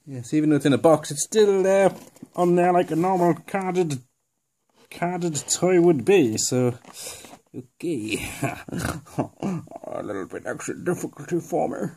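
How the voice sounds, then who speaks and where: A man's voice: on the high side, animated, unhurried, pauses often, mellow. A man chatting casually through a toy unboxing, jokey and rambling, with lots of fillers and asides. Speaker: toy reviewer.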